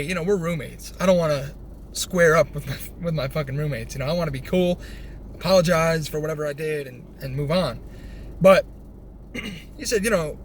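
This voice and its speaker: A young man telling a rambling personal story, animated, swearing freely and restarting his sentences. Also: a little high, a little fast. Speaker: vlogger. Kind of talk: casual storytelling. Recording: faint background noise.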